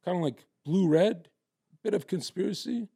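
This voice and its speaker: A man's voice: high-pitched, normal speed, creaky, dark tone, breathy edge. A man talking in a brash, crude, swaggering way, telling stories in a casual chat. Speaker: guest.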